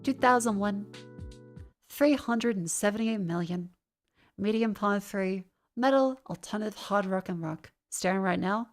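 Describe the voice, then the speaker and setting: A woman's voice: medium pitch, unhurried. A woman streaming, chatting casually and playfully while playing a music guessing game, with the odd swear word.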